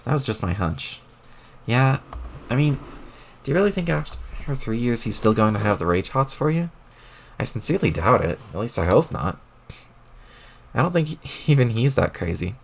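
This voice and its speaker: A man reading aloud as a wry, deadpan teenage girl adventurer who rambles. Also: medium pitch, moderate pace, gravelly, long pauses, a little hiss or hum.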